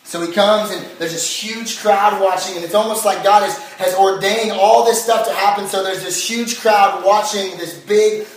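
A young man giving a casual youth sermon, telling the story in an animated way and using lots of filler words. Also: high-pitched, moderate pace, few pauses, a little hiss or hum. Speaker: youth pastor. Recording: echoey hall, voice from a distance.

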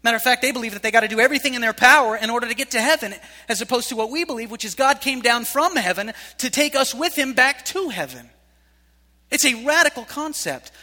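A man preaching a sermon to young people, telling stories in an animated way that swings from hushed to shouting. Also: high voice. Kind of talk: sermon to youth. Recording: live hall reverb.

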